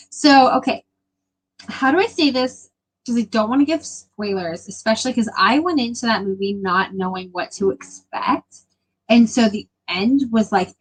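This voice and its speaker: A woman's voice: medium pitch, rough recording. A young woman hosting a casual live stream, chatting with viewers in a gushing, emotional way with lots of fillers.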